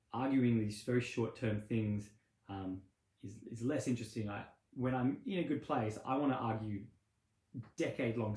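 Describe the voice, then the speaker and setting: A male meditation teacher talks loosely and conversationally, wandering between points and acting out little imagined exchanges. His voice sits at an ordinary middle pitch. The recording carries a noticeable roomy echo. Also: a little mellow. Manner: rambling and conversational, acts out little scenes with laughs. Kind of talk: casual spoken teaching.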